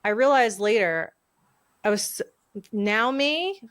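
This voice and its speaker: A woman's voice: fairly high pitch, expressive, fairly bright tone, clear, resonant tone, dry recording, studio quality. A woman in her forties, hosting a podcast and telling a personal story in a candid, reflective way. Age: 40s. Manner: candid, reflective, speeds up and slows down. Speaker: podcast host.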